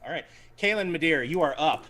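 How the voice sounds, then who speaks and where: A man running a tabletop role-playing game, his voice rising and falling with lively, animated intonation. He narrates scenes and calls rolls playfully. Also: a little high, a little fast. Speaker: game master.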